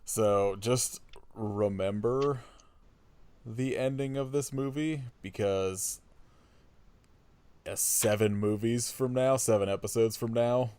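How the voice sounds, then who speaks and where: A man's voice: medium pitch, slow pace, pauses often, dark tone, clear, resonant tone. A man co-hosting a podcast, chatting casually about film sequels. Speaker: podcast co-host. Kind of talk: casual chat.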